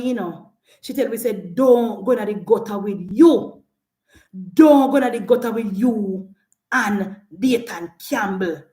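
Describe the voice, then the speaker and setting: A woman's voice: on the high side, roomy sound. A woman with a Jamaican accent delivering an impassioned political rant as a commentator, scolding and emphatic, hammering the same attacks again and again.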